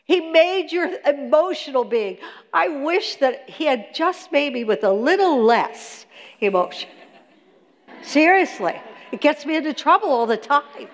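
A woman teaching a sermon on prayer, animated and asking her listeners questions. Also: high voice, measured pace. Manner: animated, talks to the audience with questions. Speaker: Bible teacher. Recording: long hall reverb.

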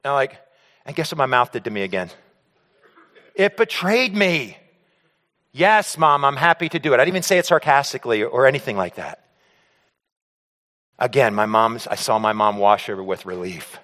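Animated man telling a story in a hall. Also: mid-range voice, moderate pace, pauses often. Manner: animated, acts out scenes, stammers and repeats words. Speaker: speaker telling a personal story to an audience. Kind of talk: storytelling talk on stage. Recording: long hall reverb.

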